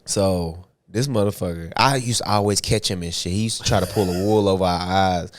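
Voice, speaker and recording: A low-pitched young man holds the floor on a casual podcast, spinning a story with animated energy. He laughs often and talks in heavy slang, with plenty of swearing. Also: a little fast, dry recording, studio quality. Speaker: podcast co-host.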